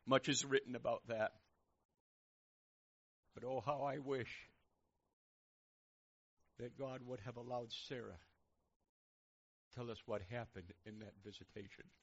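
A man preaching a sermon, dropping to a hush and then rising to loud, fervent preaching. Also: medium pitch, fairly even intonation, unhurried, long pauses, slightly rough, dull audio. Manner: swings from hushed and intimate to loud, fervent preaching.

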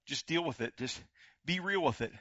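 An older man preaching a sermon as pastor, swinging from loud exclamations to hushed prayer. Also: fairly high pitch, lively intonation, normal speed, dry recording, lo-fi sound.

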